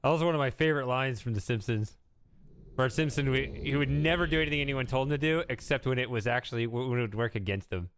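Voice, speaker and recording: A man's voice: mid-range voice, fast talker, fairly bright tone, slight background noise. A man live-streaming a video game, musing aloud in a casual, rambling way.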